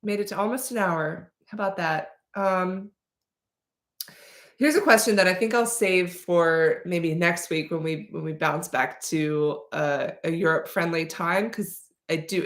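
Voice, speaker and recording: A woman's voice: fairly low pitch, echoey room. A woman hosting a casual livestream Q&A, rambling and playful with lots of fillers and restarts. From Slavic heritage. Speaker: livestream host answering questions.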